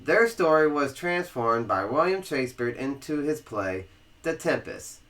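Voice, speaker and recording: A Southern American man reads a history book aloud on a casual podcast, stumbling over words and restarting. His voice is bright and lively, moving freely up and down in pitch. The tone stays informal and chatty. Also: a little slow. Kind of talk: casual read-aloud with banter.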